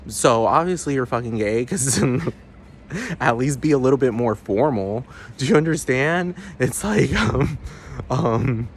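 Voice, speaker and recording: A man's voice: medium pitch, animated, measured pace, slight background noise. A man ranting to the camera in a profane, rambling vlog monologue, often asking the viewer if they understand. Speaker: vlogger.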